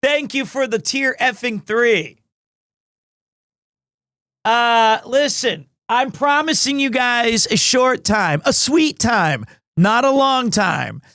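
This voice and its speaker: A man live-streaming from home, chatting casually with his viewers in a rambling, excitable, self-deprecating way. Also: extremely high pitch, slow pace, no room sound, studio quality.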